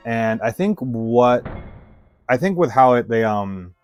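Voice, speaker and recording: A man's voice: medium pitch, lively intonation, takes it slowly, faint music behind, poor audio. A man giving casual, rambling gameplay commentary, swearing often and filling with "like". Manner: rambling, heavy swearing, lots of "like". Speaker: let's play streamer.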